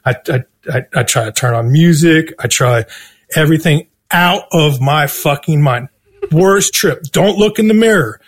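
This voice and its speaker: Husky high-voiced man telling a wild story. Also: moderate pace. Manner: animated, swears constantly, laughs through the story. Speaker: storytelling guest. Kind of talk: casual profane storytelling.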